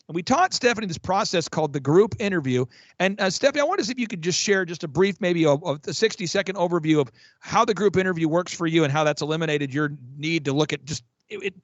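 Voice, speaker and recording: A man working as a business coach, talking in an energetic, emphatic way with frequent restarts on a podcast. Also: sits high, no room sound, dull audio. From Oklahoma. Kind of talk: fast promotional podcast talk.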